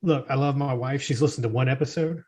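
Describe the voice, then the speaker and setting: Husky guy on a podcast, rough edge, teasing everyone with dirty jokes. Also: mid-range voice, quick pace, a little mellow. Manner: teasing, crude humor. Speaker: podcast co-host. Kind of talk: casual banter.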